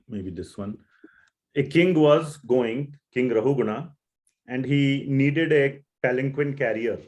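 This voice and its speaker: A man's voice: medium pitch, darkish tone, rough recording. Man retelling a scripture story in class. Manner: simple, conversational retelling with fillers. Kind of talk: storytelling lecture.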